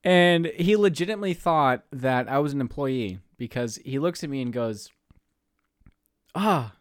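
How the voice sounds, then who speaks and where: A man's voice: mid-range voice, expressive, normal speed, no room sound, clean studio sound. A young man from the Pacific Northwest, co-hosting a podcast, telling a story in a casual way, laughing often and swearing freely. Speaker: podcast co-host.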